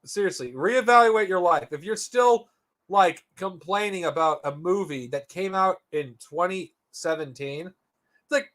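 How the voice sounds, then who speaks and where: A man's voice: high voice, a little slow, a bit bright. A man streaming casually, profane and incredulous as he reacts to a clip. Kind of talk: casual live stream chat.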